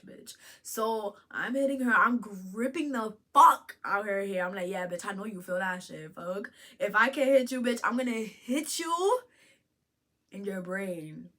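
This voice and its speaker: A young woman spills a storytime vlog in a bright, forceful voice. She is slangy and profane, laughing through the telling. She shoots from loud outbursts down to quiet asides. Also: medium pitch. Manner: animated, swings between loud outbursts and hushed asides. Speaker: vlogger.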